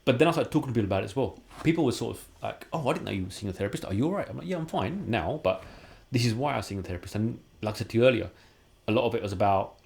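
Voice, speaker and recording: A man's voice: lowish voice, lively intonation, racing, gravelly, darkish tone. A man, a podcast guest telling candid personal stories in a casual way and acting out the dialogue he quotes. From London, England.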